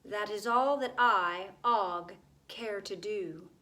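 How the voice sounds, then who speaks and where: A woman's voice: mid-range voice, takes it slowly, sharp tone. A woman voicing a sad male gargoyle who whispers in a pleading way.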